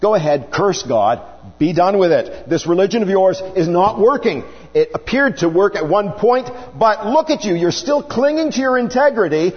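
A man's voice: a little high, sing-song, a little slow, few pauses, big-room sound, muffled recording. A man voicing a despairing, bitter wife who pleads in exasperated questions. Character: despairing bitter wife, middle-aged woman.

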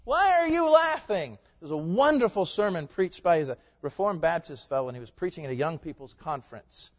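A man preaching with lots of energy, climbing to loud, emphatic peaks and then dropping to quiet, low asides. His fairly high voice carries a long echo through a hall, and the sound is a bit muffled. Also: animated, a little fast. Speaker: pastor. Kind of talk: sermon.

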